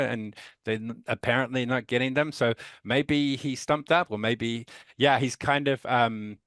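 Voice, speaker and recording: A man's voice: mid-range voice, normal speed, hardly any pauses, a bit bright, no echo, clean studio sound. A man in his thirties with a New Zealand accent, chatting casually as a podcast guest, rambling and laid-back with casual swearing. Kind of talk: casual chat.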